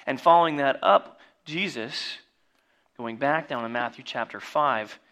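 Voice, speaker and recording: Bright-voiced folksy preacher man. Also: medium pitch, a little slow. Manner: folksy, jokey asides, rising to loud exclamations. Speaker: pastor. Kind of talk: sermon.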